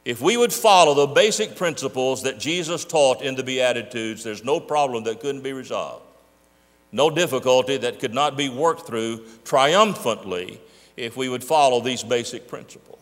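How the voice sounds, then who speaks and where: A male pastor delivers a sermon in a middle-pitched voice, drawing out key words for emphasis. His voice rings with the long reverb of a large hall. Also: normal speed.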